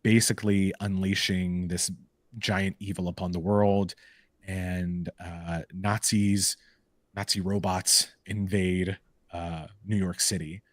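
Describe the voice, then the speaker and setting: Deep-voiced man telling comic stories. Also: slow pace, no room sound, studio quality. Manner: animated storytelling full of "like" and "um" fillers. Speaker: podcast co-host. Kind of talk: casual chat, retelling comic book stories. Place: live podcast recording.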